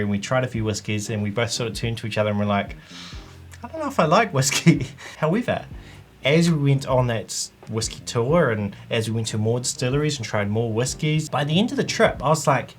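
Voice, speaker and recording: A man talks straight to camera in a relaxed vlog explainer. He is chatty and conversational, with a middling pitch. Soft music plays faintly underneath. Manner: chatty, conversational, with frequent "like" and "you know". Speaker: whisky channel host.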